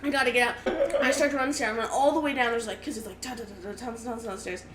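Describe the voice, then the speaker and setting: A woman's voice: a little high, steady tone, racing, a bit bright. Laughing, rambling young woman comedian. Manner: rambling, laughing, swearing, lots of fillers. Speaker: comedian guest. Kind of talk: casual storytelling on a live show. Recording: echoey room with noise.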